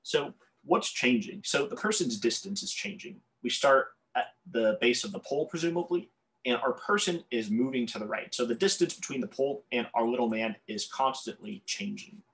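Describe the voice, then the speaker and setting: At a normal speed and with a slightly bright tone, a man in the mid range draws on a whiteboard during a calculus lesson. His delivery is tongue-tied and self-correcting, dotted with apologetic remarks.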